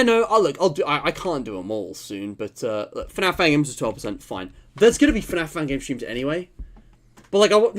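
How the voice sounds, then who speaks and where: Male streamer, animated and swingy in pitch, loose live game commentary with cursing. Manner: animated, swears and groans at the game.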